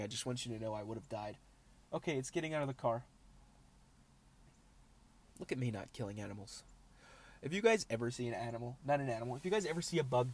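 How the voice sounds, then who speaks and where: A man in his twenties hosting a casual solo podcast from inside his parked car, rambling and self-deprecating, sounding nasal as he comes down with a cold. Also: medium pitch. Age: 20s. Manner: rambling, self-deprecating, swings between glum and jokey. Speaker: podcast host.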